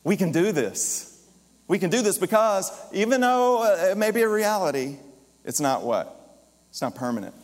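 A minister preaching a lively sermon, his loudness rising and falling, with joking asides. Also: sits high, normal speed. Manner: lively, jokey preacher with shifting volume. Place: church or hall. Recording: long reverb of a large hall.

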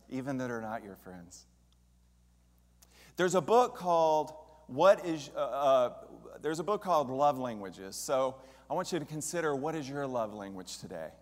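A man preaching in an easy, conversational way, turning to the congregation with questions as he goes. His voice sits at an ordinary middle pitch. The sound carries a long reverb from a church hall. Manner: conversational, asks the audience questions. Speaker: speaker at a church service. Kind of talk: sermon. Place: church sanctuary.

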